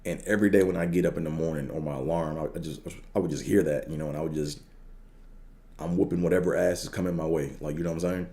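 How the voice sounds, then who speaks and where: A man's voice: rumbling low, fairly even intonation, fast, mellow. A young man hosting a podcast, telling a long personal story in a laid-back, rambling way full of slang and fillers. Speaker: podcast host. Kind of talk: casual storytelling.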